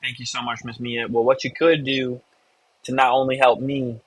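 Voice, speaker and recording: A man's voice: mid-range voice, little pitch movement, normal speed, rough recording. A man hosting a live online real estate meeting, coaching a member and encouraging the audience. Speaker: host of a real estate investor community call.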